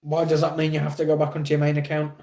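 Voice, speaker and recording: A man's voice: on the high side, monotone, racing, gravelly, a little mellow. An English man hosting a casual livestream, reading viewers' chat aloud and answering with blunt, teasing remarks. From England. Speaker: livestream host.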